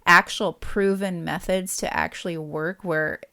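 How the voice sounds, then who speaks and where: A woman co-hosting a podcast in casual chat, laughing often and getting animated when annoyed. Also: fairly low pitch, a little slow. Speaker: podcast co-host.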